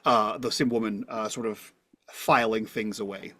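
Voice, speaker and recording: A man's voice: fairly low pitch, fairly even intonation, moderate pace, pushed and bright, dry recording. A man working as game master, describing the scene and its characters in a rambling way with lots of fillers. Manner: rambling, full of fillers and restarts. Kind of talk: narrating a tabletop game.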